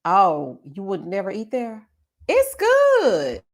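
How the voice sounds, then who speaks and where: A woman, chatting on a livestream and reading out viewer comments, animated and quick to laugh, with drawn-out asides like "child" and "honey.". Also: medium pitch. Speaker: livestream host.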